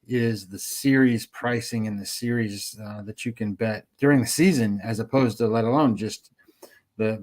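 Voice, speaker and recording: A man's voice: lowish voice, a little mellow. A man co-hosting a sports betting show, chatting casually and rambling with many ums and restarts.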